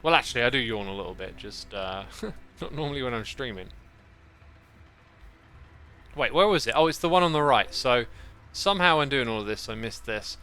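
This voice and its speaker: A man's voice: mid-range voice, animated, normal speed, pauses often, pushed and bright, clean tone. A man talking casually to his livestream chat while playing a game, thinking aloud and rambling. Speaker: game streamer. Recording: faint background music.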